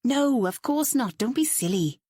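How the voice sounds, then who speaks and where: A woman's voice: on the high side, lively intonation, a little slow, warm tone, breathy edge, no room sound, studio quality, pitched above the performer's own voice. A woman reading the part of a nervous, defensive woman artist who answers hesitantly or sharply.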